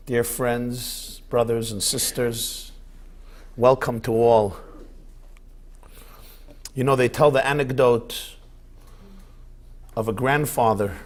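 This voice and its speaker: A man, a rabbi, giving a lecture and telling anecdotes expressively. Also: mid-range voice. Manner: expressive storyteller.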